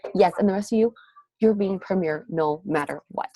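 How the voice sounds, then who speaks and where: A woman's voice: medium pitch, mellow, dry recording, poor audio. A woman coach giving an upbeat, gushing motivational pep talk to her team on a group call. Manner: upbeat, gushing, rapid encouragement. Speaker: network marketing coach leading a team call. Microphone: group call audio.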